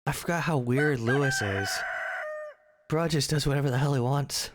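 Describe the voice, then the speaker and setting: A man's voice: mid-range voice, moderate pace, noisy background. A man giving casual, joking gameplay commentary, rambling and swearing as he reacts to the game. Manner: joking, profane, animated rambling. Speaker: gaming streamer.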